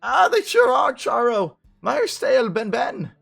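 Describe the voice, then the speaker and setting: A man voicing a grateful, excitable villager in a shrill, effusive tone while reading game dialogue aloud. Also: slow, creaky, soft background music, full character voice.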